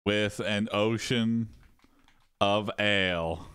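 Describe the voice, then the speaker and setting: A man hosting an improvised AI adventure game, slowly dictating story actions in halting pieces. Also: fairly low pitch, steady tone, fairly bright tone, clear, resonant tone, no room sound, studio quality. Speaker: host typing story prompts. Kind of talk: improvised game play, casual.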